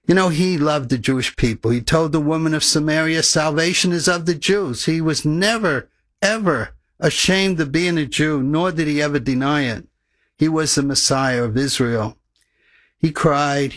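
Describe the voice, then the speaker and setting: Male preacher, earnest measured sermon delivery, slightly high pitch, dry booth-like sound. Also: a bit bright, no room sound. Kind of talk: sermon with scripture readings.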